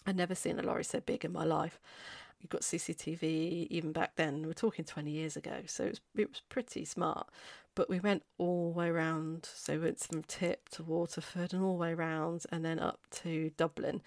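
A woman's voice: low-pitched, level tone, moderate pace, vocal fry, a little mellow, no room sound, clean studio sound. A woman in her forties, hosting a podcast and telling a chatty, rambling story full of tangents. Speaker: podcast host. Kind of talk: casual storytelling.

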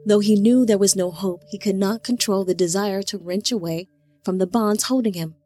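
A woman narrating an audiobook in a steady, measured storytelling voice. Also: mid-range voice, faint music behind. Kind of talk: scripted narration.

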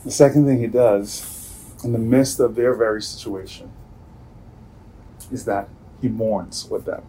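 Earnest pastor preaching, softly trailing endings. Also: male voice, fairly low pitch, steady tone, a little slow, slightly rough, low-quality recording. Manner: earnest, with many restarts and soft trailing endings. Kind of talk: sermon.

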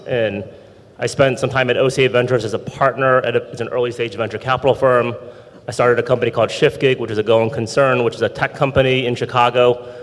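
A man speaking as an entrepreneur and investor on a panel discussion, in a businesslike way. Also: mid-range voice. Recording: long hall reverb.

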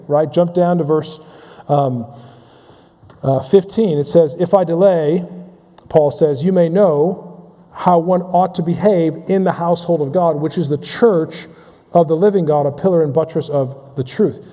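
A man's voice: a little high, warm tone. A man preaching a sermon as pastor, restarting phrases and asking his listeners questions. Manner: halting, repeats words, asks the congregation questions. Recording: long reverb of a large hall.

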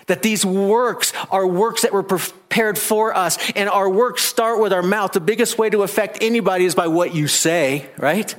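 High-voiced man preaching earnestly. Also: moderate pace, hardly any pauses. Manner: earnest, emphatic preaching with rhetorical questions. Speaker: pastor. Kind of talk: sermon.

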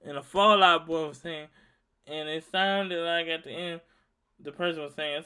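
A young man hosting a casual, rambling monologue, swearing freely and telling animated stories. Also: a little high, moderate pace, clear, resonant tone. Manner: profane, rambling, animated storytelling. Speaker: podcast host.

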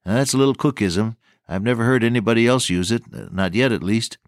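A man preaching a sermon earnestly and emphatically, slowing down to stress key words and quoting old-fashioned scripture phrasing. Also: mid-range voice, dry recording, clean studio sound.

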